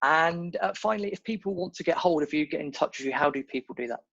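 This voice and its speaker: Gravelly man hosting a podcast. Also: a little high, fast talker, fairly bright tone, no room sound, dull audio. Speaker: podcast host. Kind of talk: casual interview.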